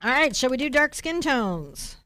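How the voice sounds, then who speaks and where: A middle-aged American woman leads a live-streamed painting lesson in an animated, chatty way. Her voice sits a little high and comes across smooth and clean. The recording is dry and close. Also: normal speed, dry recording. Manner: chatty, animated, warm asides to chat viewers. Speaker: host and painting teacher.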